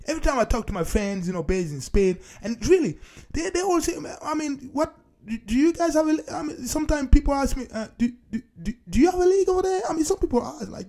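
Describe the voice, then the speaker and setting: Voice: high-pitched, expressive, fast, warm tone. A talk show host giving a solo opinion monologue and talking emphatically, hammering points home by repeating key phrases. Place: based in Scotland.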